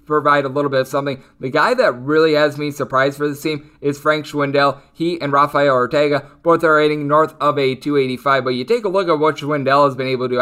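A man hosting a sports betting podcast, running through player stats and betting lines with quick asides. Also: on the high side, pushed and bright, clear, resonant tone. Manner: rapid-fire stat rundown with quick jokes. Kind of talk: solo betting analysis.

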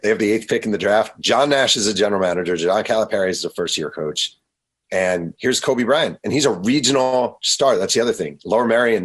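A man, an author guest on a radio show, telling stories in an animated way and often acting out quotes. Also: on the low side, slightly rough. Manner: animated, quick to act out quotes. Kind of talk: storytelling in a radio interview.

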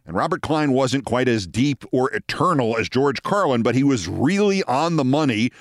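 A man in his sixties hosting a show, telling a story in a measured, dramatic way with wry asides. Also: mid-range voice, animated, dry recording, studio quality. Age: 60s. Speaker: host. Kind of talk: storytelling monologue.

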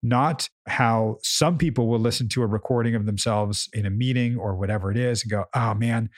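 A man's voice: medium pitch, fairly even intonation, a little fast, no room sound, clean studio sound. A man co-hosting a casual chat, explaining his coaching approach emphatically and often repeating words as he thinks. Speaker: podcast co-host, coach.

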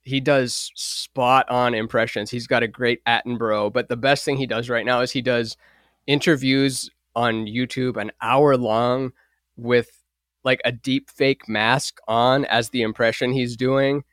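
A man's voice: mid-range voice, steady tone, unhurried, fairly bright tone, clean tone, dry recording, studio quality. Laughing man hosting a podcast chat. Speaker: podcast host. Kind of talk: casual chat.

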